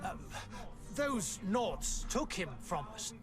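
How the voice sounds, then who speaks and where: A man's voice: high voice, big pitch swings, slow pace, heavily acted. A man voicing a worried, defensive middle-aged father in a video game, speaking hesitantly. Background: game music.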